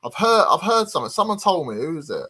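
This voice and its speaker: A man's voice: fairly high pitch, big pitch swings, fast talker, pushed and bright, husky. A man hosting a casual livestream chat, reading out viewer comments with lots of hesitant ums. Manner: reads viewer comments aloud, chatty and hesitant. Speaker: host.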